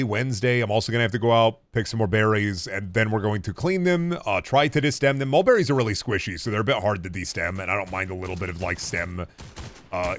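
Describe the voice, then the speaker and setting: A man's voice: fairly low pitch, dry recording. A man in his thirties streaming a game, chatting in a rambling, laid-back way and swearing freely. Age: 30s. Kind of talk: casual gaming-stream chat.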